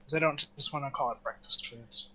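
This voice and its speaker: A man's voice: medium pitch, a little fast, sharp tone. A man playing a tabletop game, chatting casually and playfully about his turn. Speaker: player.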